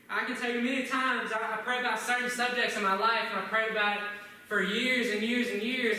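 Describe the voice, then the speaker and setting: A man's voice: high-pitched, sharp tone, slight background noise. A man preaching a sermon in church, opening with prayer and asking the congregation many questions. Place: church sanctuary. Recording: echoey church room, from a distance.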